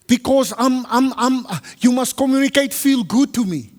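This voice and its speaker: A man preaching to a congregation, lively and teasing, switching between English and Afrikaans and quizzing his listeners. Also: very high voice, normal speed, hardly any pauses. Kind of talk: teaching sermon to a congregation. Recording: long hall reverb.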